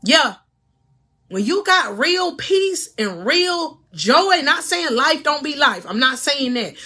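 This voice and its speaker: A woman hosting a faith-based motivational livestream as a life coach. She preaches fervently and speaks directly to her viewers, breaking into laughs between phrases. Her voice sits a little high and rings bright and forceful. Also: big pitch swings, takes it slowly.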